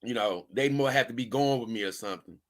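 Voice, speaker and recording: A man's voice: medium pitch, fast talker. A man hosting a casual livestream, reading viewer comments and rambling on in loose, with chuckling asides. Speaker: livestream host.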